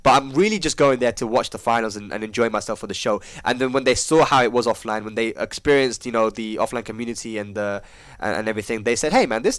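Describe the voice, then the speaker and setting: A man hosts a podcast chat, rattling along at a quick clip. His talk is slangy and animated, full of swearing and false starts, recorded dry and close at home. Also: medium pitch, no echo. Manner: animated, slangy, swears freely, restarts words. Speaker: podcast host. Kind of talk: casual chat.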